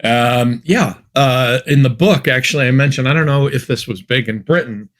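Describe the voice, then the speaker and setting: A man's voice: mid-range voice, moderate pace, fairly bright tone. A man from Massachusetts, an academic guest on a podcast, talking in a chatty, wry, anecdotal way. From Massachusetts, USA. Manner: chatty, anecdotal, wry, with many fillers and restarts. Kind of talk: podcast interview conversation.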